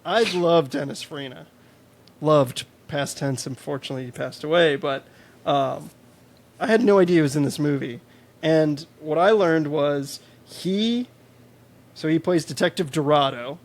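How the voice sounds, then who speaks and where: A man's voice: a little high, normal speed. A man from Chicago co-hosting a podcast, chatting casually about a film, swearing freely and reading out trivia. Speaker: podcast co-host. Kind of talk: casual film review chat.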